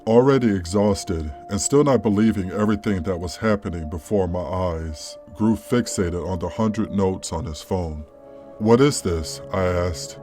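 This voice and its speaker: A man calmly reading a first-person story as a scripted narration. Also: low-pitched. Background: faint background music.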